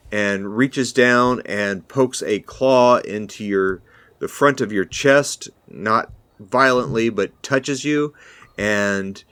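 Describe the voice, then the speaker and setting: A man narrating as game master of a tabletop fantasy game in a measured, deliberate way. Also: mid-range voice, no echo.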